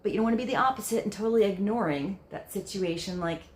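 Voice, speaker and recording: A woman's voice: mid-range voice, quick pace, roomy sound. Rambling, musing woman reading tarot. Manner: rambling, musing, lots of "like" fillers. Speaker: tarot card reader. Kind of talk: casual spoken tarot reading.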